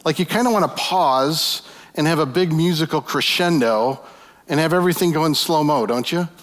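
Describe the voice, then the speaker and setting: A man's voice: fairly high pitch, moderate pace. Preacher man in a reverberant hall. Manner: animated imaginative retelling, rhetorical questions. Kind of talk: sermon.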